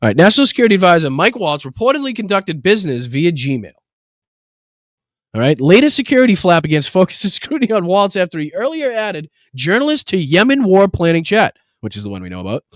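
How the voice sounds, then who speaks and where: A man's voice: sits high, sing-song, quick pace, no room sound, clean studio sound. A man hosting a live political show, reading news with sarcastic, profane, rambling asides. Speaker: political livestream host. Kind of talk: casual political commentary.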